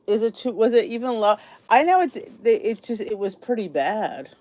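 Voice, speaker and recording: Chatty, lively-pitched tired woman host. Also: normal speed, no echo. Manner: chatty, rambling, greets viewers by name. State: tired, sleepy. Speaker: podcast host. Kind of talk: casual live-stream chat.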